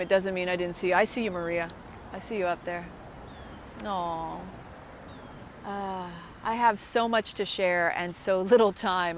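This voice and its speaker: Woman co-host, casual outdoor live chat, effusive and talkative, mid-range voice, clear traffic and ambient noise behind. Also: medium pitch, a bit bright, low-quality recording. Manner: chatty and effusive, greeting viewers by name. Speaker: co-host of an online live show. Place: outdoors at a waterfront. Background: outdoor ambience and passing vehicles.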